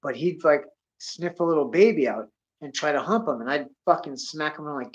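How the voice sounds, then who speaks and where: A man telling rambling stories in a casual rant, swearing constantly and sliding between mutters and loud bursts. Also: a little high, a little fast. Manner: drops to a mutter, then rises in bursts. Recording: dull lo-fi recording.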